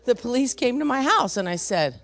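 A woman preacher telling a story to her church, animated and emphatic, acting out the voices of the people in it. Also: fairly high pitch, brisk. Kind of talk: sermon storytelling to a congregation.

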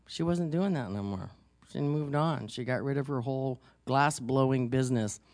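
A woman pastor gives a conversational sermon, telling stories in a loose, chatty way full of asides, often saying "you know" and laughing easily. Her voice is very deep and darkish, at a moderate pace, in clean studio sound with no echo.

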